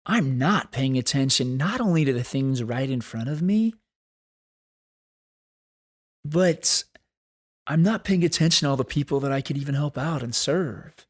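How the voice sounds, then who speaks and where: A man hosting a solo podcast, talking in an earnest, thoughtful way and slowing down to stress key points. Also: medium pitch, expressive. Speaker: podcast host. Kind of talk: reflective solo podcast talk.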